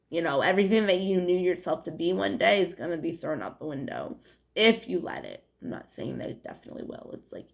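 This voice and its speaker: A young woman with a New England accent talking to her viewers in a meandering, casual monologue, full of "like" and swearing. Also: mid-range voice. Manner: meandering, heavy on "like" and swearing, frequent laughs. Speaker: vlogger. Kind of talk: rambling casual monologue to camera.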